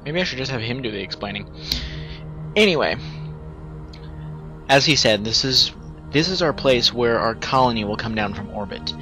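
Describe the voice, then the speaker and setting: A man's voice: mid-range voice, expressive, moderate pace, pauses often, music in the background, low-quality recording. A man casually commentating his strategy-game playthrough, rambling and correcting himself as he thinks aloud.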